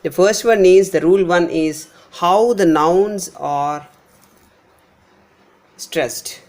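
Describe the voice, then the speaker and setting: A man with a fairly high voice and an Indian English accent teaches an English pronunciation lesson. He explains step by step and patiently repeats example words slowly to show where the emphasis falls. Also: a little mellow.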